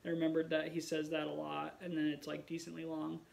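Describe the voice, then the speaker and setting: Fairly quick and gravelly, with a voice on the high side, a weary young man chats expressively in a late-night vlog from home. Yawns and frequent sighs punctuate his casual talk.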